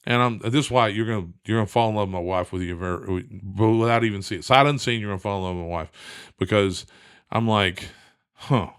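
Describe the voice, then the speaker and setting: A middle-aged man telling a long story in a lively, casual way, acting out the voices of the people in it. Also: lowish voice, fairly quick, clear, resonant tone, no echo, studio quality. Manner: animated, acts out quoted voices. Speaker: guest.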